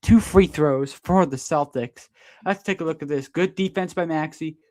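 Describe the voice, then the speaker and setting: Excitable man calling a game live. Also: a little high. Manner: partisan, quick to protest calls, excitable. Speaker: sports streamer doing play-by-play. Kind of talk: live fan play-by-play commentary.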